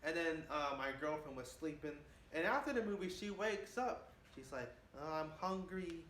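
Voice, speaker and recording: A man's voice: on the high side, very animated, moderate pace, fairly bright tone. A man in his twenties rambling boastfully in a casual monologue, often saying "man". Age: 20s. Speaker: vlogger. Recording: echoey room with faint hiss.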